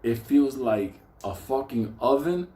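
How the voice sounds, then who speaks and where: A man's voice: mid-range voice, slow pace. A man telling a comic personal story, swearing constantly and laughing often. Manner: profane, animated, laughs often. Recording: echoey room.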